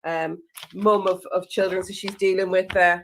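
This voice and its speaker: A woman's voice: lowish voice, level tone, normal speed, slight background noise. Easygoing Irish woman co-host. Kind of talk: casual panel chat.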